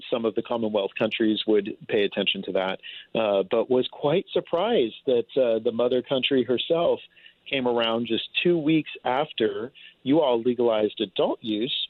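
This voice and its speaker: An easygoing man speaking as a phone-in guest in a radio interview, chatty and quick to laugh. His pitch is mid-range. The sound is thin and tinny, like a phone line, and dry. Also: no room sound. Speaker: phone-in guest, cannabis industry. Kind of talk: casual interview over the phone.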